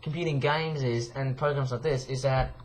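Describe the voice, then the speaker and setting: A young man talks in a vlog, tired and croaky, rambling loosely with plenty of fillers and false starts. His pitch sits in the middle range. A faint hiss lies under his voice. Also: steady tone, normal speed. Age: young adult. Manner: rambling, many fillers and restarts. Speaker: vlogger.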